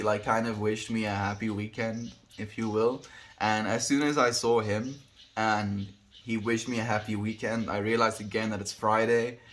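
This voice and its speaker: A man with a lowish voice chats casually on a live stream, answering viewer comments one by one. He speaks warmly and earnestly, leans toward spiritual ideas, and keeps calling his viewers "my friend.". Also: slight background noise. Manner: warm and earnest, with a spiritual bent and frequent "my friend". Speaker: livestreamer.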